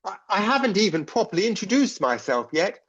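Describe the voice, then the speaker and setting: A man voicing a keen young first-year soldier, bubbling with polite, old-fashioned cheer. His pitch bounces lively up and down. The sound is a touch dull and muffled, like a rough home recording. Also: brisk, heavily acted. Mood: cheerful. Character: eager naive young male first-year recruit. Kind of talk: audio comedy acting.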